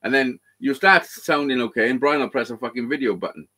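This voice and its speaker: A man's voice: medium pitch, brisk, heavy background noise. A man hosting a casual live stream chat, swearing a lot and laughing often.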